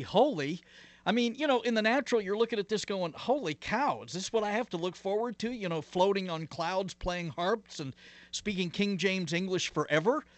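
A man's voice: high-pitched, no room sound. A man, a pastor, telling stories and explaining his faith as an interview guest, earnest, with many "uh"s and "you know"s. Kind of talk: interview guest, reflective storytelling.

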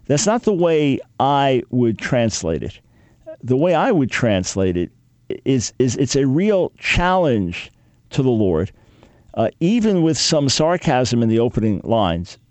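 An older man in his sixties teaching a sermon, reading Bible verses and acting out dialogue with God in an animated way. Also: mid-range voice, no room sound.

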